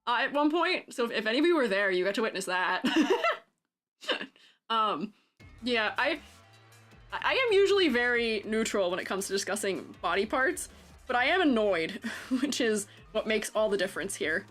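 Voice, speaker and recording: A woman character design teacher chats through a live stream in a slightly high, very lively voice. She is animated, laughs often and reads the chat aloud. Soft music plays faintly behind her. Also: moderate pace. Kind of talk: casual live-stream commentary.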